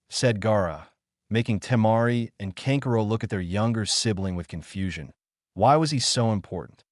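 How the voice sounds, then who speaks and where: A man reading a fan fiction story aloud as scripted narration, in a steady, even way. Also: lowish voice, moderate pace, no room sound, clean studio sound.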